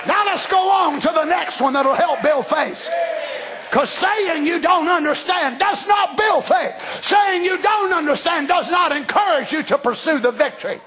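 A man preaching a sermon in a fiery, emphatic way, often raising his voice to a shout. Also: extremely high pitch, lively intonation, measured pace, a crowd in the background, background noise.

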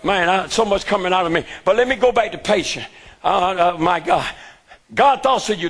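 A man preaching with a strikingly high voice that is gravelly and full of fry. His tone is bright and sharp. He shouts through much of the sermon and keeps calling to his congregation for a response. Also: moderate pace.

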